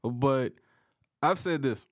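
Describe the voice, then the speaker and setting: A man from Charleston, South Carolina, co-hosting a podcast in relaxed casual chat, rambling with restarts as he tells stories. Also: mid-range voice, slow pace. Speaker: podcast co-host.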